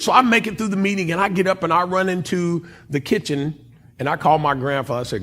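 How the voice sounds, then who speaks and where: A man from Oklahoma telling a personal story as a guest speaker in a church chapel, with dramatic swings in loudness and pitch. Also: fast, slight background noise. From Oklahoma, USA.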